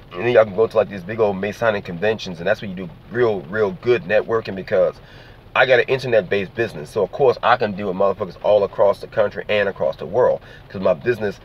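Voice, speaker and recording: A man's voice: fairly low pitch, fast, a little hiss or hum. A man from New Orleans talking casually to his camera in a loose, profane, rambling way, often checking in with "you see what I'm saying.". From New Orleans, Louisiana. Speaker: vlogger. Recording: dull lo-fi sound.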